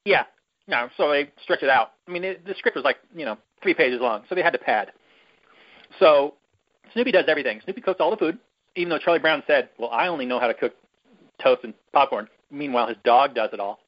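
A man's voice: fairly high pitch, expressive, fairly quick, muffled recording. A man hosting a podcast, recapping a movie in a rambling, chatty and irreverent way. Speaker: podcast host. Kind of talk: casual chat, movie recap.

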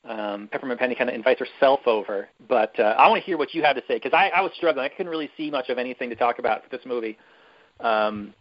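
Man, podcast host, casual chat, rambling, irreverent, middle pitch, dull lo-fi sound. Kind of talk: casual chat, movie recap.

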